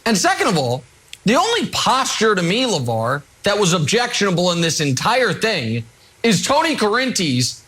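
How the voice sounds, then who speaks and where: A man's voice: sits high, wildly swooping pitch, normal speed, bright, forceful tone. A man hosting a sports debate show, cutting in with wry, sarcastic remarks.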